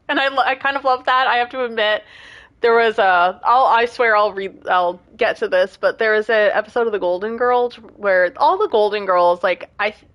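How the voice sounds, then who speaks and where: A woman's voice: medium pitch, moderate pace, a bit bright, lo-fi sound. A woman in her late thirties chatting casually with her stream audience, rambling from one story to the next, laughing often and going off on rants. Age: late 30s.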